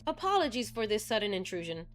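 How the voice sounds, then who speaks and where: A woman voicing a huge male werewolf who speaks calmly, formally and politely. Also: mid-range voice, quick pace, soft background music, close to an everyday voice. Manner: calm, formal, friendly.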